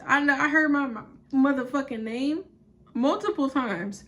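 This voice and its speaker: A young woman vlogger tells a story in an animated, blunt way with lots of swearing. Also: fairly high pitch, normal speed. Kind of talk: casual storytime vlog.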